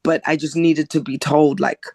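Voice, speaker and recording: A woman from Zimbabwe, a singer talking as a podcast guest in a soft-spoken, reflective, halting way. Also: low voice, little pitch movement. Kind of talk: casual interview chat.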